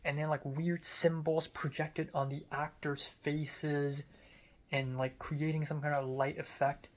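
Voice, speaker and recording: Rambling young film student, filler-heavy. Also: medium pitch. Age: young adult. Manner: rambling, heavy use of "like" fillers, casual swearing. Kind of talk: casual storytelling monologue.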